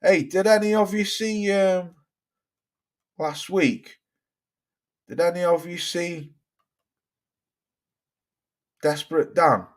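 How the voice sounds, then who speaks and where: A man's voice: high voice, slow, long pauses. Sweary man ranting about boxing. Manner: sweary, exasperated, reads out viewer comments. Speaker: boxing channel host. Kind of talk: casual livestream rant.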